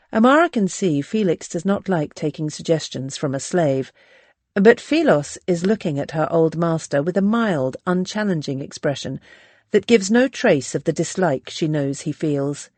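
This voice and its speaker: Audiobook reader, mid pitch, steady delivery, dry close mic. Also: a little slow, no room sound. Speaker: audiobook narrator. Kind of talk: audiobook narration.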